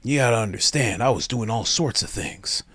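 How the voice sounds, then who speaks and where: A man's voice: fairly low pitch, expressive, normal speed, a bit bright, slightly rough, no room sound, clean studio sound, pitched below the performer's own voice. A man doing an exaggerated impression of an old male politician, rambling and boasting in folksy tall tales. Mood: boastful.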